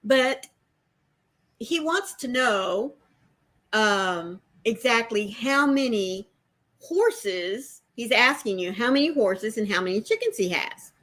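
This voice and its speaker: Older woman, co-host, unhurried chatty storyteller with a bright tone. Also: fairly high pitch, animated. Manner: chatty storyteller, teacherly explanations. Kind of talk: casual livestream chat.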